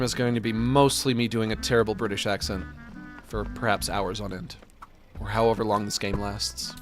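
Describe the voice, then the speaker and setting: A man's voice: lowish voice, steady tone, normal speed, soft background music. A man streaming a game, with silly, playful commentary, laughing and repeating lines. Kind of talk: goofy game livestream commentary.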